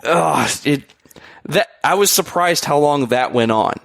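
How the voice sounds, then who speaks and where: A man's voice: on the high side, expressive, measured pace, vocal fry, fairly bright tone, dry recording. A man on a podcast chatting about a film, rambling and enthusiastic. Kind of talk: casual film review chat.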